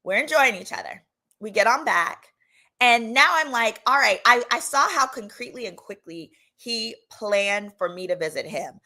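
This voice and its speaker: Sassy woman in her 30s spilling a story, bright voice, kinda high, acts out all the quotes. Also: expressive, normal speed. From Texas. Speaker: legal commentary host. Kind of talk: casual storytelling.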